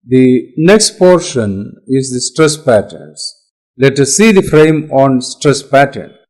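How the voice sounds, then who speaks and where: A man with an Indian English accent presents teaching software, explaining each point slowly and deliberately. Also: mid-range voice, expressive, poor audio. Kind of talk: explanatory demo talk.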